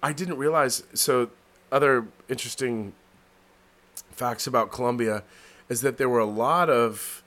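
A man's voice: medium pitch, measured pace, pauses often, fairly bright tone. A man hosting a casual podcast chat, rambling and heavy on fillers as he tells stories. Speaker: podcast host. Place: New York City.

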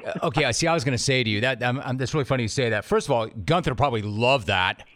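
A man's voice: medium pitch, lively intonation, racing, a bit bright, no room sound. A man from the San Fernando Valley hosting a casual interview podcast, telling self-deprecating stories with enthusiasm. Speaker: podcast host.

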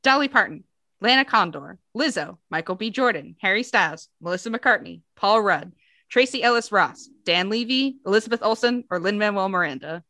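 An American woman co-hosting a podcast, her voice bright and forward. She chats easily and reads lists aloud with bouncy lifts, recorded close and dry with no room sound. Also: medium pitch, brisk, dry recording. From United States. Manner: chatty, reads lists out with lively rises. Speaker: podcast co-host. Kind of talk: casual chat.

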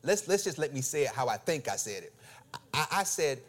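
A middle-aged man preaching through a personal story, acting out the dialogue and swinging between loud bursts and quiet asides. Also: medium pitch, very animated, a little fast. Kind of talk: storytelling sermon.

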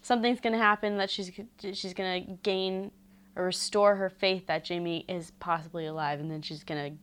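A woman's voice: lowish voice, fairly even intonation, normal speed, a bit bright, clean tone. A woman co-hosting a podcast, chatting casually about a TV show in a playful, teasing way. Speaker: podcast co-host.

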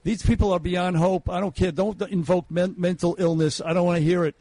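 A gravelly man pounds out blunt opinions on talk radio, hammering his points with repeated phrases. His voice is a bit higher than most men's, and the studio is dry. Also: steady tone, fairly quick, dark tone, dry recording. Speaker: radio talk show co-host.

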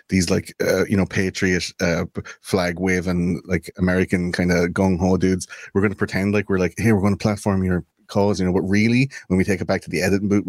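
Low-voiced, rambling podcast man. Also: darkish tone, no room sound. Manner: rambling, swears freely, searches for words. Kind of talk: casual chat.

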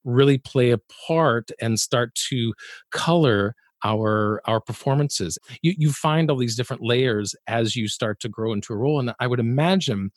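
A man's voice: medium pitch, normal speed, dry recording, studio quality. A man hosting an interview, speaking reflectively with small restarts. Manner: reflective, with restarts and "you know". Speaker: interviewer, host. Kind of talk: interview conversation.

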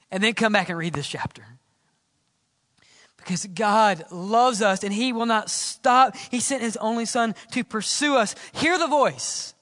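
A male pastor with a high, bright voice preaches a sermon in a church sanctuary, earnest and conversational, posing rhetorical questions. Long church reverb colors the recording.

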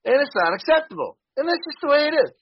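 A man's voice: extremely high pitch, very animated, quick pace, dull audio, slight background noise. A man hosting a podcast in a casual, profane, ranting way with laughing asides. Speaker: podcast host.

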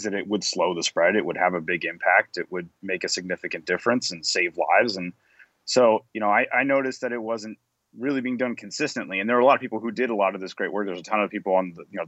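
A man's voice: low-pitched, fast talker, a bit bright, dry recording, dull audio. A man being interviewed as a guest researcher, answering casually and hesitantly. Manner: hesitant, casual, with many restarts.

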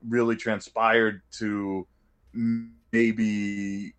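A man's voice: on the low side, flat delivery, extremely slow, clean tone. A man co-hosting a casual sports podcast, thinking aloud with stops and repeated words. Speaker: podcast co-host.

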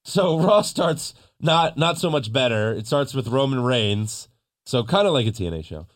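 A man hosting a casual podcast, recapping wrestling with animated storytelling and mocking impressions. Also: medium pitch, normal speed. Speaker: podcast host.

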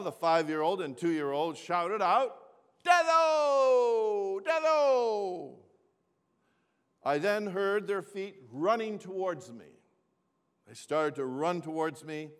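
A man's voice: a little high, clear, resonant tone. An older man telling a humorous personal story to a gathering, often repeating his phrases and asking the audience to answer back. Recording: long reverb of a large hall.

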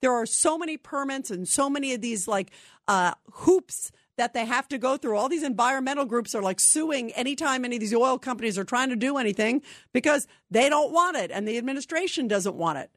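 A woman's voice: high voice, dry recording, clean studio sound. Indignant talk radio host woman. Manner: animated, indignant, rapid restarts.

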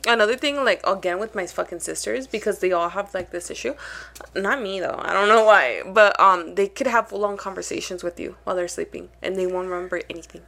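A woman's voice: medium pitch, a little fast, creaky, a bit bright. A woman co-hosting a podcast in casual chat, swearing freely and dropping in Spanish phrases. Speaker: podcast co-host.

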